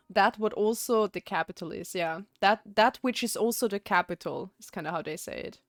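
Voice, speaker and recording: A woman's voice: medium pitch, normal speed, no echo, clean studio sound, soft background music. A young woman with an Austrian German accent, chatting casually on a live stream, rambling with restarts and frequent giggles.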